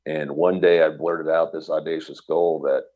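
A middle-aged man from the American Midwest recounts a personal story as a guest in an interview. His voice sits extremely low and carries a breathy, husky texture. He talks earnestly, with restarts, and acts out what others said. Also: normal speed, narrow, tinny audio. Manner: earnest, animated retelling with quoted dialogue and restarts.

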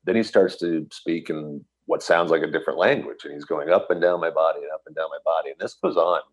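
A middle-aged Midwestern American man, a guest in an interview, tells a personal story at a quick pace. His extremely low voice is breathy and husky, and his retelling is earnest and animated, with restarts and quoted dialogue as he acts out what others said.

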